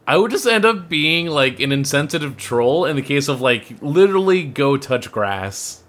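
A man with a bright, forceful voice co-hosts a casual podcast. He tells stories in a playful, animated way. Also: a little high, moderate pace. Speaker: podcast co-host, anime reviewer.

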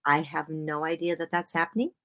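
A woman's voice: low voice, flat delivery, brisk, fairly bright tone, dry recording. A woman co-hosting a casual faith-based podcast chat, earnest and encouraging, often acting out her own self-talk. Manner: earnest, encouraging, quotes herself aloud. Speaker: podcast co-host.

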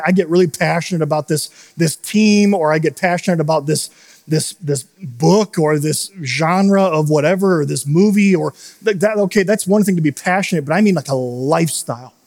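A man in his thirties preaching a casual sermon as pastor, telling a story with many restarts and little laughs, his voice jumping up when he acts out dialogue. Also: on the high side. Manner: animated quoted dialogue, voice jumping up.

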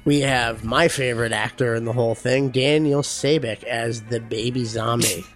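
A man's voice: mid-range voice, fairly even intonation, moderate pace, soft background music. A man hosting a casual podcast chat, swearing freely and reading out a film's cast. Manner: profane, reads out cast list. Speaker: podcast host.

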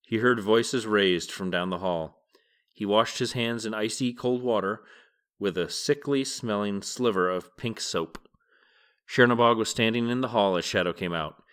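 A man's voice: lowish voice, a little slow. A man hosting a podcast who reads a novel aloud a page at a time and chats about it afterward. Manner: relaxed, chatty reflection. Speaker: podcast host and reader. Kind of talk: reading a novel aloud and commenting.

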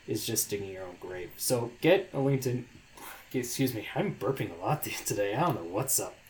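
A man's voice: fairly low pitch, darkish tone, slight background noise. A young man co-hosting a casual podcast, talking in a loose, hesitant way with lots of fillers and restarts. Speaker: podcast co-host.

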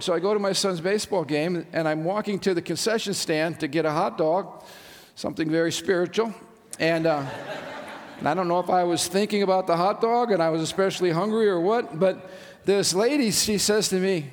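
High-voiced enthusiastic male pastor. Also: moderate pace. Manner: enthusiastic, frequent "uh" fillers, asks the congregation questions. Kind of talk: sermon. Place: large church sanctuary. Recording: long church-hall reverb.

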